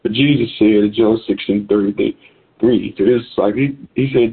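A man's voice: mid-range voice, normal speed, creaky, breathy edge. A man preaching a sermon to listeners on a conference call, exhorting in a repetitive preaching cadence. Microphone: phone call. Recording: tinny phone line.

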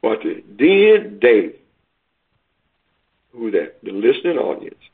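A man a sermon, repeating his points in call-and-response style and rising to near-shouts on key lines. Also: mid-range voice, vocal fry, breathy edge. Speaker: preacher. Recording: tinny phone-like radio broadcast.

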